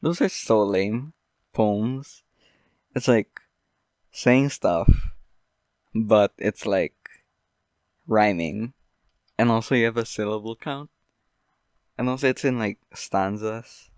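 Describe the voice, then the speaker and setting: A young man hosting a podcast, rambling through an absurd deadpan comedic monologue full of fillers. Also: lowish voice, takes it slowly, long pauses, dry recording. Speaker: podcast host.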